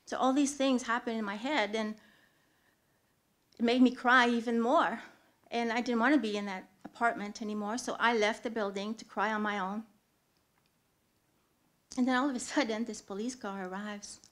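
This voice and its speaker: A woman tells her own story live from a theatre stage. She speaks earnestly, pauses often and rises to sudden loud swells. Her voice sits a little high. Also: steady tone.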